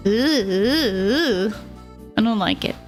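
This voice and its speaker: A woman's voice: medium pitch, lively intonation, very slow, soft background music. A young woman streamer chatting casually, rambling through a story and giggling often. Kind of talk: casual livestream chat.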